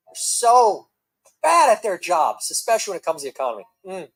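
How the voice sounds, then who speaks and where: A man's voice: high voice, wildly swooping pitch, a little fast, a bit bright, rough recording. Sarcastic male reaction-video host. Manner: sarcastic, mocking.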